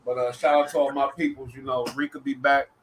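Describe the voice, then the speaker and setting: A man's voice: mid-range voice, flat delivery, quick pace, slight background noise, poor audio. Laid-back man hosting a livestream. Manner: laid-back slang-heavy talk, shout-outs to chat. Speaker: livestream host. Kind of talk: casual live-stream chat.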